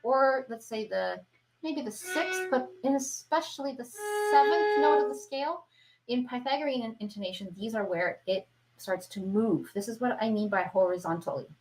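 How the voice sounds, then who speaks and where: A woman's voice: a little high, normal speed, noisy background. A woman teaching an online violin lesson, who explains patiently and keeps checking in with her viewers. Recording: violin playing between phrases.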